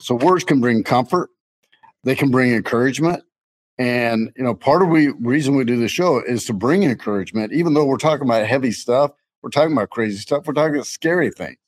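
Middle-aged male co-host, casual faith podcast, loose and jokey, medium pitch. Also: lively intonation, brisk, poor audio. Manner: rambling, jokey, laughs often.

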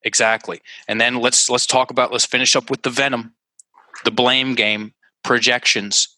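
A man, a guest on an interview show, teaching language habits through examples in an animated way and often repeating words as he works through a point. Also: medium pitch, moderate pace, no room sound, low-quality recording.

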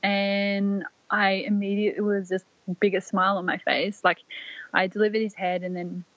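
A woman's voice: medium pitch, level tone, normal speed, no echo. Young woman, heartfelt birth story, casual storytelling, muffled dry sound. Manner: emotional, breathless retelling with many fillers and restarts. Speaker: guest telling her birth story.

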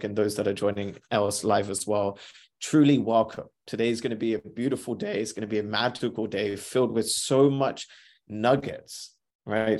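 A man's voice: lowish voice, a little mellow. Upbeat guy hosting a motivation podcast, chatty, says welcome a lot. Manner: upbeat, repeats greetings, self-talk asides. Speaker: podcast host. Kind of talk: live motivational podcast chat.

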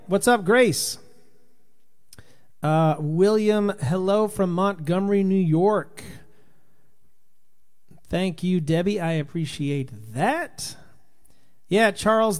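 A man from Rhode Island hosting a casual livestream, greeting viewers by name in a loose, rambling way. His voice is tired and worn out from touring. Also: sits high. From Rhode Island, USA. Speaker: livestream host and touring Christian musician. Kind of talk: casual live chat reading viewer comments.

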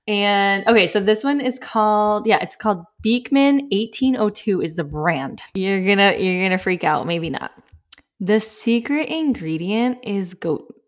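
A woman in her thirties hosting a casual solo podcast, chatty and full of "like" fillers, laughing often and a little winded. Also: medium pitch. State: slightly winded. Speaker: podcast host.

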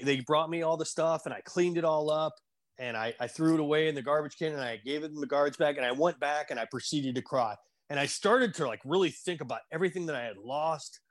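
Earnest man, somewhat high voice, halting, emotional storytelling. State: choked up at times. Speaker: guest. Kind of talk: personal storytelling in conversation.

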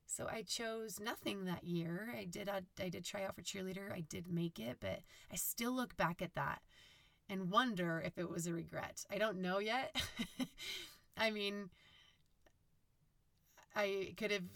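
A woman from Utah with a low, raspy, husky voice, chatting casually on her own podcast and rambling with fillers and self-corrections. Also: unhurried, pauses often, a bit bright, dry recording. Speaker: podcast host. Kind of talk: casual solo podcast monologue.

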